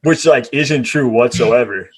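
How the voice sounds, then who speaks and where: A man hosts a loose, friendly interview in a middle-pitched voice. He jokes around with his guest, tossing in "dude" and "bro," and swaps stories like an old friend would. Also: a little slow. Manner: chummy, jokey, says "dude" and "bro". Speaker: interviewer, host. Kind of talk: casual interview chat.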